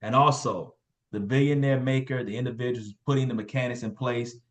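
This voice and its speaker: A man's voice: medium pitch, steady tone, a little fast. A man hosting a motivational team call over video, hyping people up and repeating names and phrases. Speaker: call host.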